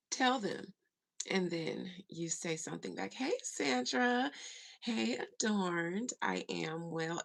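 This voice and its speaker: A woman hosting a casual spiritual livestream, greeting viewers by name and sometimes dropping into a soft whisper. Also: medium pitch, creaky. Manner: slow, drawling, breaks into soft whispers. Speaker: livestream host and spiritual medium.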